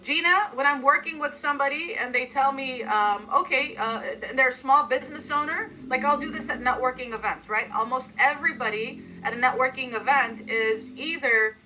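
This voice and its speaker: A woman giving an energetic coaching talk to a sales team, acting out sample pitches with emphatic delivery. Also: normal speed, few pauses, highs cut off, slight background noise. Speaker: sales trainer.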